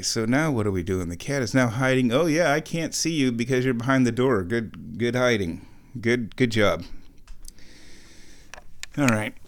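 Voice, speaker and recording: A man hosting a casual solo show at home, chatty and playful, wandering the house and talking to his cat. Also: medium pitch. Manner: playful, chatty, talks to his cat in a sing-song baby voice. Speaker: podcast host. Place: at home, walking around the house.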